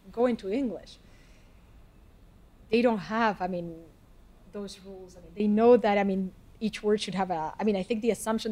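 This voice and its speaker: A woman's voice: medium pitch, a little mellow. A woman lecturer answering audience questions in a lecture hall, talking hesitantly with frequent restarts and "I mean" fillers. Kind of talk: academic Q&A answers.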